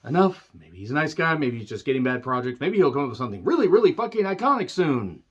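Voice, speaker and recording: A man ranting through a movie recap, sarcastic and profane, often clearing his throat. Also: a little high, sing-song, fast, dull audio. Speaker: movie reviewer.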